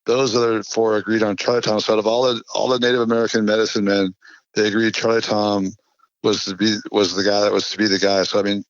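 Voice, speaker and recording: Rambling low-voiced storyteller guy. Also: fast talker, no room sound. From California. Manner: rambling, filler-heavy, animated anecdotes. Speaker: guest. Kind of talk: casual storytelling chat. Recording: dull lo-fi dry podcast audio.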